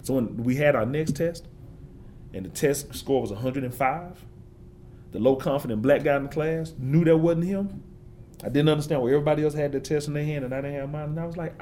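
A man's voice: a little high, fast talker, darkish tone, a little hiss or hum. A man giving an interview, talking with passion and building points through emphatic repetition. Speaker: forester and interview guest.

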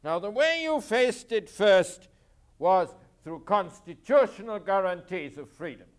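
A man's voice: high voice, animated, a little slow, clear, resonant tone. A man lecturing on history to students, asking rhetorical questions and repeating key points for emphasis.

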